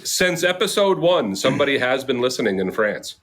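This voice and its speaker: A man hosting a casual comedy podcast with friends, animated and laughing as he talks. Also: medium pitch, fairly quick. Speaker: podcast host.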